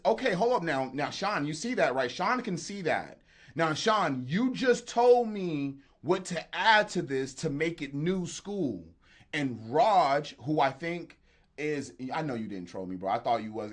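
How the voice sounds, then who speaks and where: Lively joking beat producer, man. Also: a little high. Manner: animated, joking, talks straight to the chat. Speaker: beat producer streaming live. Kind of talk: casual livestream chat while making beats.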